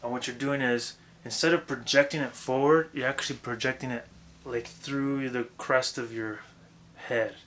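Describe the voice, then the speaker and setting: A young man giving a casual, profane, rambling lesson on vocal technique, breaking into loud demonstrations. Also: mid-range voice, fairly even intonation, normal speed. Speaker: vocal coach.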